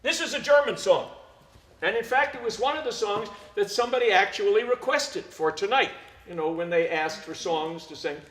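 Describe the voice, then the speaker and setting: A man's voice: high voice, lively intonation, moderate pace, a bit bright, roomy sound. A man from the United States, a priest, chatting and telling stories on a concert stage microphone. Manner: chatty, storytelling. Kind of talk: live concert introduction. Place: concert hall.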